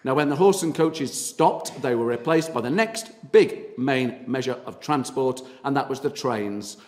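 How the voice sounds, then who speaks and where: Guy giving a history talk, lots of ums, chatty storyteller, middle pitch. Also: a little slow. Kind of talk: public talk to an audience.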